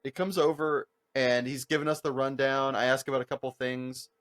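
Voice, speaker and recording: A young man telling stories on a podcast in a casual, animated way, with heavy swearing, lots of filler words and acted-out voices of the people in his stories. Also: mid-range voice, brisk. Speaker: podcast co-host. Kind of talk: casual storytelling chat.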